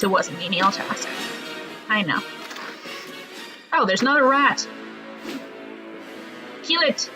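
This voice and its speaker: A woman giving casual gameplay commentary, chatty and jokey, laughing often as she plays. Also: medium pitch. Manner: chatty, laughs often, jokes about the game. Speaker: let's play gamer. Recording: slightly muffled lo-fi audio.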